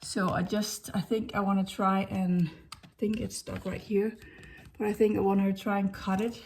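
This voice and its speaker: A woman's voice: medium pitch, little pitch movement, normal speed, darkish tone, slight background noise. A middle-aged woman narrating her DIY home renovation in a casual vlog, talking to herself as she works, with many fillers and restarts. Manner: chatty, self-talking while working, many fillers and restarts. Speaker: DIY vlogger. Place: living room under renovation, indoors.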